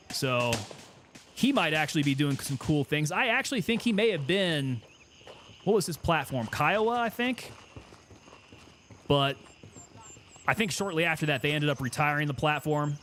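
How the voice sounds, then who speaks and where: A man's voice: fairly high pitch, fairly bright tone, slight background noise. A man streaming a game, chatting and joking in casual commentary. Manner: chatty, joking, self-amused.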